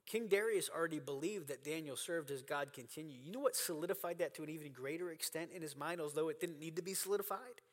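A man's voice: a little high, fast talker, few pauses, big-room sound. A man preaching a sermon as pastor, earnest and emphatic, repeating phrases for stress. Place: church sanctuary.

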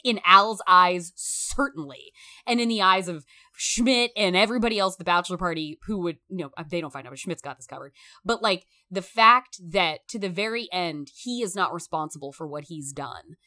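A woman talking through a film in a casual, emphatic discussion, animated and swearing freely. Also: on the low side, normal speed.

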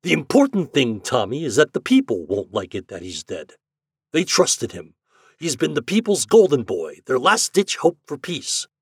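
A man voicing a scheming, chubby male propaganda chief in an audiobook story, pushy and persuasive, pitched a little higher than his narration. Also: wildly swooping pitch, normal speed, breathy edge, no echo, clean studio sound, exaggerated voice. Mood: persuading.

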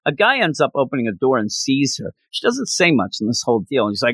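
A man giving a casual recap of an anime episode, telling it with animated, acted-out quotes. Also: mid-range voice, fast, few pauses, breathy edge, dry recording. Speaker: anime reviewer.

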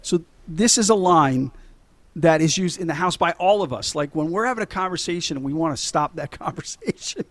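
A man's voice: a little high, expressive, brisk, no echo. A middle-aged man co-hosting a podcast, retelling movie scenes in casual chat, laughing often and swearing freely. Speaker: podcast co-host.

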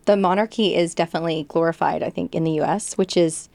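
Woman from England, guest, chatty and upbeat, gravelly edge, dry close sound. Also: on the low side, steady tone, fast, darkish tone, dry recording. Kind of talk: casual chat.

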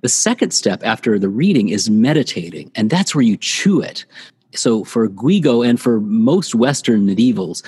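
A man's voice: on the low side, lively intonation, moderate pace, darkish tone, slightly rough, in a large hall. A man, an author being interviewed on a podcast, explaining ideas thoughtfully and repeating phrases for emphasis. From United States. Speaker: author and guest. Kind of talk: podcast interview, reflective teaching.

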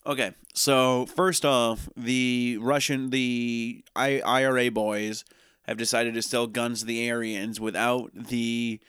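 A man talks through a story in loose, profane casual chat, now and then dropping into a quick mock voice. His voice is smooth and clear at a middling pitch, recorded dry and close with no room around it. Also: little pitch movement, fairly bright tone, no room sound. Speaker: podcast co-host recapping a TV series.

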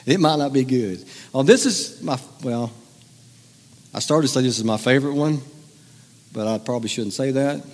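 Middle-aged male pastor, playful conversational sermon delivery, mid-pitched voice, reverberant hall sound. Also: moderate pace, long pauses. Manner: joking, conversational, teasing the audience. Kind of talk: humorous sermon to a congregation. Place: church hall with audience.

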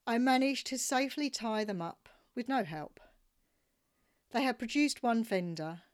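Slow, wry woman reading a travel memoir. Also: fairly high pitch. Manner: wry, expressive storytelling. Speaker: narrator.

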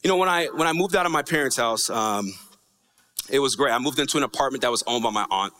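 A man's voice: medium pitch, fast talker, pushed and bright. A man preaching a sermon as pastor, talking conversationally with frequent "right?" asides and a lilting, sing-song cadence on key lines. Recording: long reverb of a large hall.

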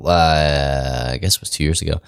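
A man's voice: rumbling low, fairly even intonation, normal speed, creaky, clear, resonant tone, dry recording, studio quality. A man in his thirties co-hosting a casual chat, joking and telling playful stories. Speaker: podcast co-host.

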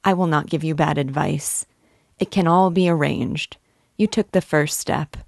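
A woman's voice: sits low, steady tone, unhurried, creaky, darkish tone, no echo, studio quality, full character voice. A woman voicing a timid but eager young man who coaxes a friend in a storybook reading. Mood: urging.

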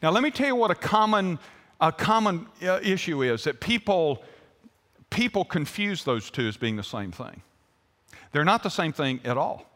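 Male pastor, animated storyteller, bright and forceful tone, echoing through a big sanctuary. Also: a little high, normal speed. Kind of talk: sermon.

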